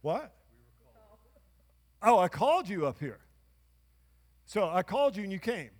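A man pastor preaching a sermon in a church, his voice pitched high. He speaks emphatically and calls out to the congregation for answers. Long reverb fills the large sanctuary. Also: big pitch swings, a little slow, darkish tone. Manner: emphatic preaching with call-and-response.

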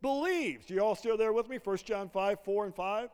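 Male pastor, middle-aged, lively call-and-response preaching, rather high voice, reverberant church hall. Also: moderate pace, clean tone. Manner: call-and-response, prompting the congregation to finish lines. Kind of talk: sermon. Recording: long reverb of a large hall.

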